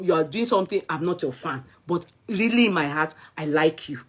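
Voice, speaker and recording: A woman's voice: low voice, lively intonation, fairly quick, hardly any pauses, husky. A woman with a Nigerian accent giving casual, emphatic celebrity commentary as a vlogger, switching freely between languages. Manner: chatty and emphatic, switches between English, Yoruba and Pidgin.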